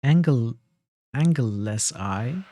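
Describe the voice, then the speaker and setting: A man's voice: mid-range voice, lively intonation, slow pace, warm tone, no echo, studio quality. A man streaming a role-playing game, thinking aloud and repeating himself as he checks items and maps. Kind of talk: casual gameplay commentary.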